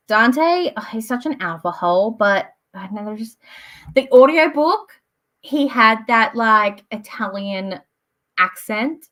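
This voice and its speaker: A woman's voice: fairly high pitch, animated, unhurried, bright, forceful tone. A woman, chatting casually and rambling on a live stream, full of "like" and "um". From Australia. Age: late 20s. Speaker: book streamer.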